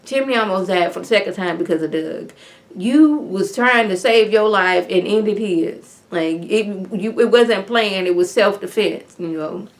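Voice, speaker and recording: A chatty woman recaps a TV episode and tells it like gossip to a friend. She speaks at a middle pitch, and she keeps her delivery animated with a steady stream of "like.". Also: a little slow. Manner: chatty, animated retelling with lots of "like". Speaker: TV episode reviewer. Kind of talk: casual recap vlog.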